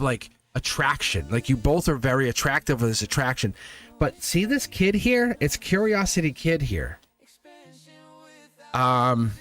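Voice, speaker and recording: A man's voice: medium pitch, a bit bright. A man giving a casual live tarot reading, rambling and chatty, laughing often. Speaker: tarot reader.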